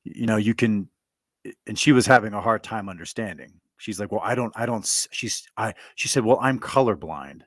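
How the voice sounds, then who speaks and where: A man's voice: on the low side, expressive, brisk, no echo, studio quality. A man bluntly retelling an argument in a monologue, stammering and repeating himself as he goes. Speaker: commentator telling a personal story. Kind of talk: monologue recounting a conversation.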